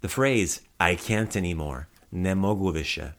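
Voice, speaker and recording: Podcast host, male, fairly low voice, casual patient vocabulary drills. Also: expressive, unhurried. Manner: patient, repeats words for the listener to echo. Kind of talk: casual language lesson.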